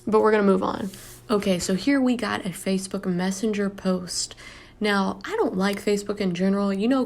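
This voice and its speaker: A woman's voice: medium pitch, vocal fry, darkish tone. A woman hosting a vlog, giving blunt, sarcastic casual commentary on posts she reads, with plenty of ums, recorded at home. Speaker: vlog host reading Reddit posts. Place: home, planes heard outside.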